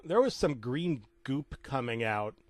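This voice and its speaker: A man narrating a comedic creepypasta with rambling deadpan asides and stumbling restarts. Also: mid-range voice, measured pace, no echo.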